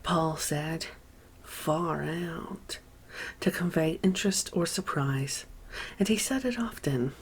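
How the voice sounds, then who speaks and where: A woman reading a memoir aloud as an audiobook narrator, measured and unhurried, with deliberate pauses. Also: low-pitched, expressive, husky.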